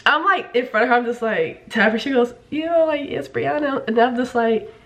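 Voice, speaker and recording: A woman's voice: fairly high pitch, brisk, a bit bright. Chatty young woman vlogging, swearing freely. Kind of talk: casual storytelling to camera.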